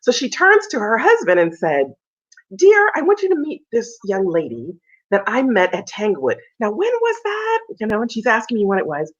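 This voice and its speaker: A woman in her fifties, an opera singer and interview guest, telling stories in a lively way and acting out the voices of people she quotes, heard over a video call. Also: medium pitch, brisk. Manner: animated storyteller, acts out quoted voices. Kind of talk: casual interview storytelling. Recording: muffled video call audio.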